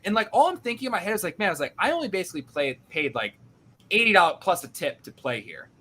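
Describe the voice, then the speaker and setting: A young man hosting a podcast, telling a story in an animated, self-deprecating way and acting out what others said. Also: high-pitched, fast talker, husky. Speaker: podcast host. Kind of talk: casual storytelling.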